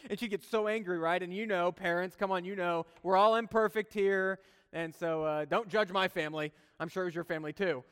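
A man's voice: high voice, fairly even intonation, brisk, a bit bright, clear, resonant tone. A male pastor preaching a sermon, earnest and conversational, with humorous personal asides. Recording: long hall reverb.

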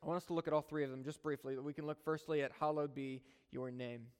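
Guy preaching a sermon, kinda high voice, chatty with little laughy asides, long echo in a big hall. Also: steady tone, quick pace, clean tone. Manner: conversational, chuckling asides.

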